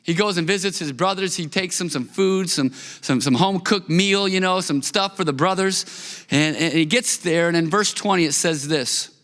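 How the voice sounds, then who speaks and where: Bright-voiced animated pastor preaching. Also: male voice, high voice, normal speed, long reverb tail. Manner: animated, conversational, repeats words. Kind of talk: sermon. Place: church hall.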